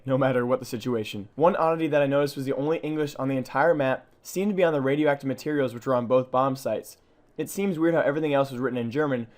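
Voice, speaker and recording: Fast-talking man narrating a game video. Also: mid-range voice. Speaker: gaming channel host.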